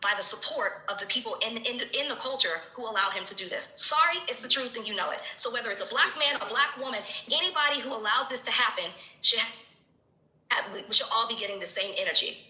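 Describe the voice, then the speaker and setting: A woman talking in a podcast discussion clip, quick and insistent. Her voice is very bright and quick, and a bit high. The sound is roomy and echoey. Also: lively intonation.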